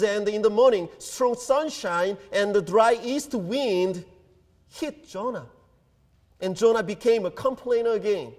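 A man preaching a sermon as pastor, earnest and deliberate, pausing between phrases. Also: high voice. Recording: long hall reverb.

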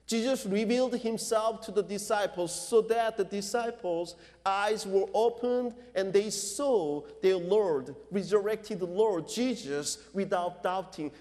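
Slow-preaching pastor, high voice. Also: male voice, darkish tone. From Korea. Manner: slow, deliberate preaching with non-native English phrasing. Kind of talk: sermon. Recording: long reverb of a large hall.

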